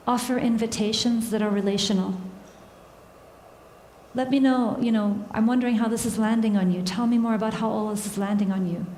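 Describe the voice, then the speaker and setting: A woman gives a conversational talk to a live audience, asking them questions and laughing at her own struggles. Her voice sits a little high. It carries through a large hall with a long, echoing tail. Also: a little mellow, slight background noise. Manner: engaging, asks the audience questions, laughs at herself. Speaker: workshop speaker. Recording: echoey hall with long reverb.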